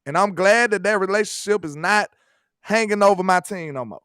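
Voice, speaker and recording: A man's voice: high-pitched, fairly quick, pushed and bright, smooth, dry recording, clean studio sound. A man co-hosting a podcast, talking sports in casual slangy banter and laughing often. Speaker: podcast co-host.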